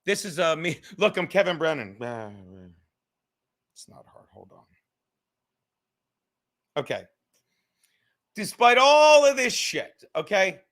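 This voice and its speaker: A man's voice: high voice, very animated, slow, pauses often, fairly bright tone. Fired-up, profane man ranting on his podcast. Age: 30s. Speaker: podcast host. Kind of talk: profane livestream rant. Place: home, sitting on his couch.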